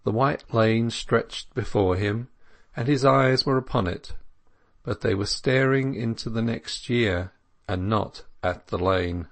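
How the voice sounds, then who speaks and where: A man narrating a classic novel as an audiobook in a measured, even reading. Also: on the low side.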